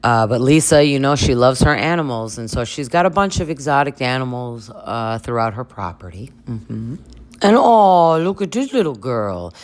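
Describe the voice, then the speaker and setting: A woman's voice: a bass voice, sing-song, normal speed, a little mellow. A woman in her forties giving campy, sarcastic commentary on a reality show. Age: 40s. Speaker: reaction channel host.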